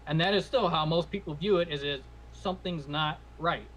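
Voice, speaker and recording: Guy on a podcast, slightly high voice, calm and explaining, little hiss. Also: normal speed, rough recording. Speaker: podcast co-host. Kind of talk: casual opinion chat.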